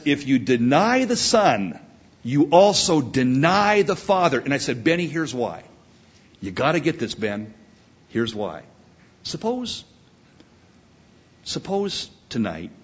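A man's voice: medium pitch, slightly rough. A man preaching a sermon, telling a story with rising passion. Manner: storytelling, impassioned. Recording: dull lo-fi recording.

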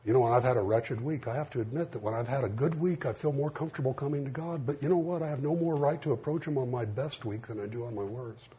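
A man's voice: medium pitch, fast talker, hardly any pauses, mellow, husky. A middle-aged man preaching a sermon in a folksy, conversational way, acting out the dialogue in his stories. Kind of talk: sermon with storytelling. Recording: dull lo-fi sound with faint hiss.

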